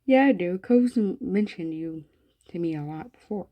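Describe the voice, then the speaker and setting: A woman's voice: on the low side, animated, normal speed, dull audio, close to an everyday voice. A woman voicing a friendly, slightly odd young-looking mother while reading visual novel dialogue.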